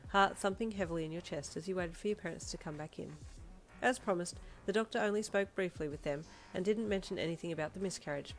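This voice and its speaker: A woman narrating a second-person fanfiction story in a steady, emotive way. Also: fairly low pitch.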